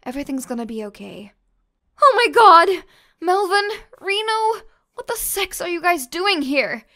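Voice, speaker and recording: A woman's voice: extremely high pitch, big pitch swings, normal speed, fairly bright tone, heavily acted. A woman voicing a protective, bossy big sister who scolds her younger brothers.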